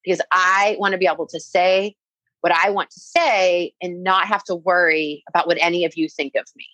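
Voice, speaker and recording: A woman's voice: on the low side, fairly even intonation, moderate pace, a bit bright, no echo, rough recording. Woman telling a story, many "like"s. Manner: frequent "like" fillers, quoting herself and others. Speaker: guest telling a personal story. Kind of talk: casual conversational storytelling.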